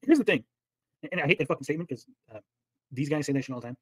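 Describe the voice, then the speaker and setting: This livestream host talks very fast in a fairly high, expressive voice with a breathy edge, and the recording is dry. He reacts to clips with heated arguments and plenty of swearing.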